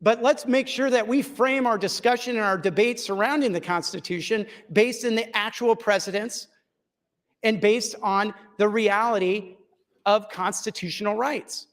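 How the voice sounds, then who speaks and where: A man's voice: sits high, moderate pace. A man losing his voice, giving a firm, lawyerly floor speech in a legislative chamber and repeating his key points. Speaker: state senator in floor debate.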